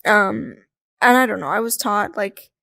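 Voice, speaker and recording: A woman talking as a podcast guest in a casual, chatty way, full of "like" fillers and quick laughs. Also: medium pitch, gravelly, sharp tone, dry recording, studio quality. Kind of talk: casual conversational interview.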